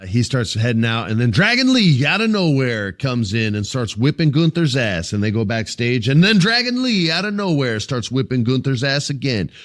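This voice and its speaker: A man hosting a wrestling podcast, recapping shows in casual, profane, animated talk. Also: medium pitch.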